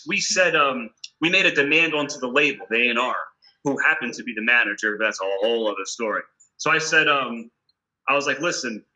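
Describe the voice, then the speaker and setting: A man's voice: mid-range voice, sharp tone, rough recording. A man with a New York accent, a rock guitarist telling a studio story in a casual interview, emphatic and profane, acting out the exchanges he quotes. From United States. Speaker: guitarist guest.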